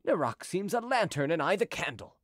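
Guy doing a hot-tempered sarcastic envoy, pitched up, bounces around a lot, storybook reading. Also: sing-song, fairly quick, fairly bright tone, dry recording, clean studio sound. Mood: exasperated. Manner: exasperated, sardonic. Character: cunning middle-aged male royal envoy, quick-tempered.

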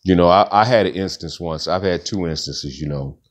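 A middle-aged man casually telling a personal story, rambling and slangy, with lots of fillers. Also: fairly quick. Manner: rambling, slangy, acts out quoted friends in a higher voice. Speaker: author and storyteller.

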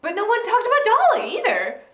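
A woman co-hosting a casual review show, excitable and quick to gasp, laugh and rattle off lists. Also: extremely high pitch. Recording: roomy echo.

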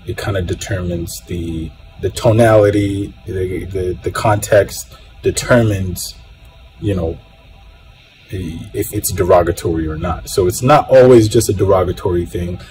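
Measured, reflective man, low voice. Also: music in the background, poor audio. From Nigeria. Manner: measured, reflective, halting restarts. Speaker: host. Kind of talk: casual commentary.

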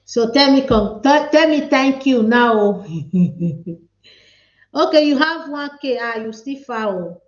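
Slow-talking Nigerian woman hosting a live chat. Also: high-pitched. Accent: Nigerian Pidgin English. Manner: chatty, laughing, calls viewers by name. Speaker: livestream host. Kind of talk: casual live chat to viewers. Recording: echoey room, dull lo-fi sound.

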